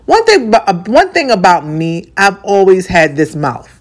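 Woman, forties, candid monologue, outspoken, profane, emphatic repetition, soft asides. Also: medium pitch, big pitch swings, moderate pace. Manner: swings between soft and punchy delivery. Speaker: radio personality.

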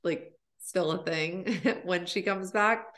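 A woman in her thirties chatting on a podcast in a bright, forceful voice. She rambles casually, packing her talk with fillers and swearing freely. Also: lowish voice, takes it slowly. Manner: chatty, profane, lots of fillers. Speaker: podcast host. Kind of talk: casual chat.

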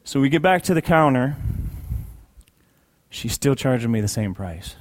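A man's voice: medium pitch, animated, normal speed, pauses often. A man sharing a personal testimony in a sermon, conversational and emphatic, repeating key phrases for weight. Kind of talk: sermon storytelling.

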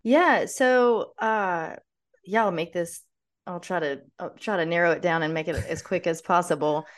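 A woman's voice: lowish voice, moderate pace. A woman guest on a casual podcast, answering eagerly and talkatively, with frequent fillers.

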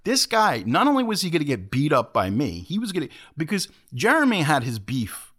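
Animated man telling a story. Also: on the high side, fairly quick. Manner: animated, swearing, acts out quotes. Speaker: podcast host. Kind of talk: casual storytelling chat.

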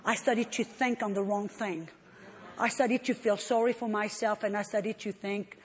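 A woman preacher giving an emotional, expressive testimony in a sermon. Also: mid-range voice, normal speed. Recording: long hall reverb.

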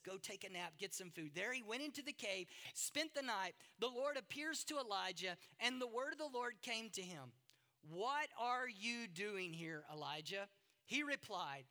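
Bright, high-pitched preaching man. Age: middle-aged. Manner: dramatic, swings from loud emphasis to hushed asides. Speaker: pastor. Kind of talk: sermon.

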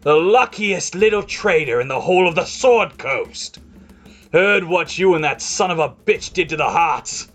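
A man's voice: a little high, expressive, measured pace, a bit bright, soft background music, voice pushed up. A man voicing a furious half-orc woman caravan guard who snarls out taunts and accusations. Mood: snarling.

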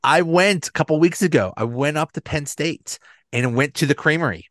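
A man hosting a casual sports podcast, relaxed and chatty, laughing often. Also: on the high side, moderate pace, no room sound, studio quality. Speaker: podcast host.

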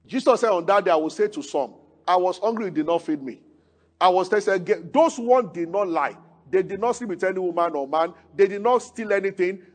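Pastor, man, high-pitched, sermon, emphatic rises, hushed drops, questions to the congregation. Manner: rises to emphatic peaks, then drops low and quiet; preaches with rhetorical questions to the congregation.

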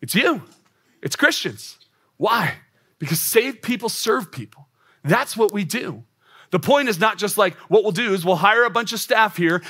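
Emphatic male pastor, bright high voice. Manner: emphatic, repetitive preaching with rising exclamations. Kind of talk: sermon. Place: church auditorium.

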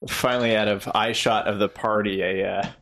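A man's voice: on the low side, steady tone, a little fast, a bit bright. A man playing a tabletop game, hesitant with fillers and laughter. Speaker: player.

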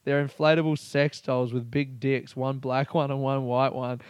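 A man talks in a loose, rambling podcast monologue, swearing freely. His voice is smooth and resonant at a middle pitch. The sound is close and dry. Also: level tone, normal speed, no room sound. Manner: rambling, profane and laughing. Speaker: podcast host. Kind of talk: casual solo podcast monologue.

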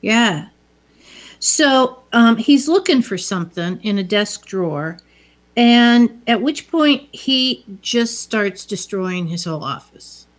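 A woman with a slightly high voice chats through a movie's plot in a relaxed, conversational way. She retells each scene at length and slips into the characters' lines as she goes. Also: takes it slowly. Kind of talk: casual movie recap chat.

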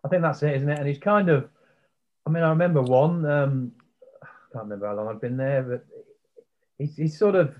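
A man's voice: medium pitch, brisk, pauses often, lo-fi sound. A man guesting on a podcast, reminiscing in casual chat and often tagging on questions like "wasn't he?". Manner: reminiscing, leaning on tag questions.

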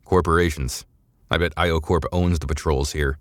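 A man's voice: rumbling low, steady tone, moderate pace, dry recording, clean studio sound. A man playing a terse, focused starship pilot. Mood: tense.

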